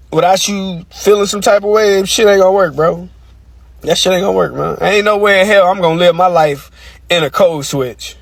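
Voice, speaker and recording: A man's voice: sits high, dry recording, recorded from a distance. A man ranting casually to camera, profane and emphatic, repeating his point.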